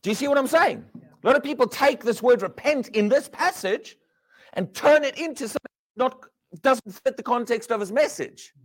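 A man preaching a sermon, asking the crowd rhetorical questions and dropping from loud emphasis to hushed words. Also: very high voice, moderate pace.

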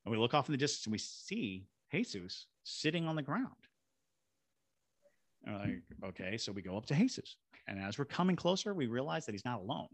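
Very animated and fairly quick, a mid-range male voice recounts a tale in a podcast interview, complete with acted-out voices and sound effects. He's a paranormal investigator and ghost tour guide from Savannah, Georgia, and the recording has no echo.

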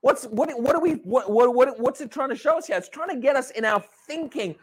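A man from Britain preaching a sermon, animated, repeating words and asking his congregation questions. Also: very high-pitched, brisk, hardly any pauses, breathy edge. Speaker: pastor.

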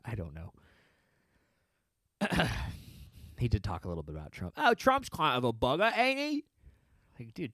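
A man's voice: fairly low pitch, a little mellow, no echo. A man telling a rambling, profane comedic story on a podcast and laughing often. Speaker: podcast host.

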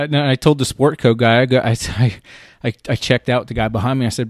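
A man's voice: mid-range voice, fairly quick, no room sound. Frank, cussing man with a dry sound. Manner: animated, frank, swears freely. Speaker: podcast host. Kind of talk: casual hunting gear chat.

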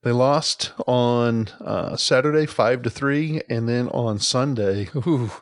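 A man's voice: medium pitch, takes it slowly, dry recording, studio quality. A man hosting a casual sports podcast, teasing his co-host in a jokey manner and often restarting his words. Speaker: podcast host, league commissioner.

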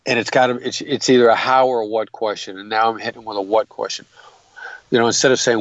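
A man's voice: lowish voice, steady tone, quick pace, dry recording, dull audio. A man explaining negotiation tactics in an interview, earnest and methodical, often restarting his sentences. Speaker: guest, hostage negotiator.

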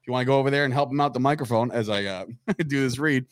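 A man's voice: medium pitch, no room sound. A man hosting a sports talk show, joking and teasing his co-hosts in a studio. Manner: brash, joking, quick to tease. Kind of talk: casual sports radio chat.

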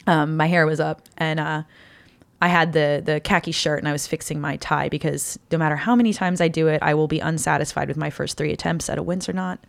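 A woman in her thirties, a cosplayer, telling stories in a lively casual chat and laughing often. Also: deep voice, brisk, gravelly, no echo. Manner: animated storyteller, laughs often. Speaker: cosplayer guest.

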